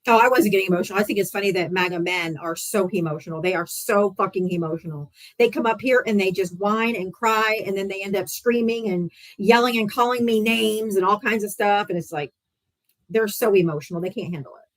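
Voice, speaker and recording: A woman's voice: medium pitch, fairly quick, low-quality recording. A woman hosting a live political debate stream. She talks in a blunt, mocking way and swears freely. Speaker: debate livestream host.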